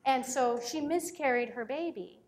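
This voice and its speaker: Earnest woman in her thirties, storytelling speaker, slightly high voice. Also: moderate pace. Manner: earnest, storytelling, turns emotional. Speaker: speaker on parenting. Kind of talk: personal talk to an audience.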